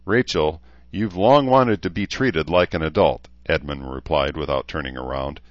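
A man with a deep voice playing a dry-humored, fatherly male camp leader in an audiobook, on a dry, slightly dull recording. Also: normal speed, no room sound. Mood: stern. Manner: dry, joking.

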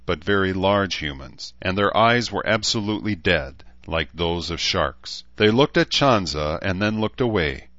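A man narrates a novel in a very low voice, raising it to play the characters' dialogue. The recording is dry with no room sound and a slightly dull, muffled tone. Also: animated, measured pace, hardly any pauses, fairly bright tone, no room sound. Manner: acts out characters' lines with raised pitch and force. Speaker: audiobook narrator. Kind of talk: scripted narration.

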